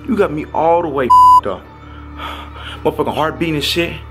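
A man's voice: fairly high pitch, huge pitch swings, moderate pace, music in the background. A young man in a comedy skit, telling a story and then bursting into profane, panicky outbursts. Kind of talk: acted horror comedy skit.

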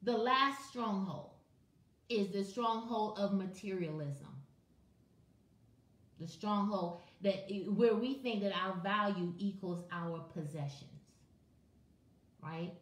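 A woman's voice: mid-range voice, slow, pauses often, distant mic. Impassioned woman preaching in an echoey room. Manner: impassioned, conversational, addresses viewers by name. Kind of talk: preaching on a morning live stream. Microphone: webcam or phone on a live video.

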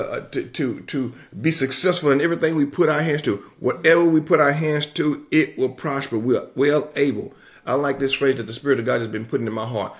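A man preaching a sermon with an emphatic, repetitive cadence and drawn-out declarations. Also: medium pitch.

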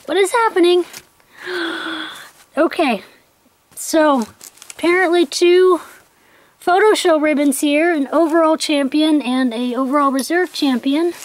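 A young woman records an unboxing vlog with a bright, high voice. She gushes and gasps as she talks, often dropping to a quieter aside. A faint hiss of noise sits under the recording. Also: unhurried, low-quality recording. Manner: gushing, breathless with excitement, many gasps; quiet aside voice while handling things. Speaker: vlogger.

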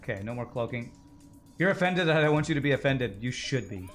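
A man's voice: medium pitch, lively intonation, quick pace, a bit bright, soft background music. A man streaming a game live, rambling and joking with frequent swearing. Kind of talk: live gaming commentary.

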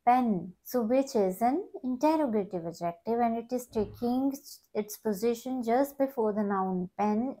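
A woman's voice: fairly high pitch, warm tone. A woman teaching an English grammar lesson, explaining step by step and often repeating words.

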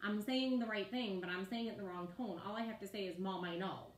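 A woman preaching a casual sermon, talking conversationally and often checking in with her listeners. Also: fast talker. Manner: conversational, keeps asking "right?" to the listeners. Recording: roomy echo with faint rumble.

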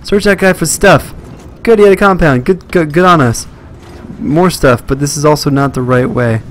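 A man's voice: fairly high pitch, moderate pace, slight background noise. A young man commentating a live horror game stream, jumpy and swearing at scares. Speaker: let's play streamer.

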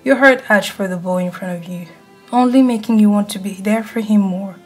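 Whispered role-play, woman narrating soft and close to you, mid pitch, light music under it. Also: fairly quick, breathy edge. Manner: hushed, intimate second-person narration. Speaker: ASMR narrator. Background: faint music.

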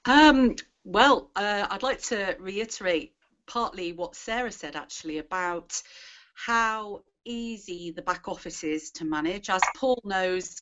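A woman's voice: mid-range voice, unhurried, a bit bright. Chatty self-deprecating woman on web call. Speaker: guest marketer. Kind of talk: casual online hangout chat. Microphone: video call. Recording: dull lo-fi web call audio.

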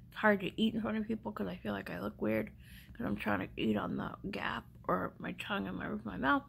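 Woman, middle-aged, toothless speech, heavy vocal fry, emotional rambling vlog, faint background noise. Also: mid-range voice, steady tone, fast, poor audio. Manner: emotional, rambling, often drops to a whisper. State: speaking without teeth after extractions. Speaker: vlogger. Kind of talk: personal storytelling vlog.

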